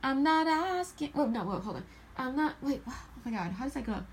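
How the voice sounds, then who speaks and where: A woman's voice: sits high, animated, fairly quick, slight background noise, rough recording. A woman with a congested, snuffly voice giving a casual tarot reading, chatty and acting out little scenes. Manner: chatty, acts out little scenes, laughs often. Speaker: tarot reader.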